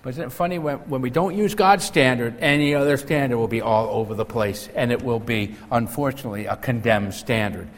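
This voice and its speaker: A man's voice: medium pitch, a little fast, hardly any pauses. A man preaching in an echoey hall. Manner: earnest preaching, storytelling with acted quotes. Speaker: pastor. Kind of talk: sermon. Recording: echoey hall, faint noise.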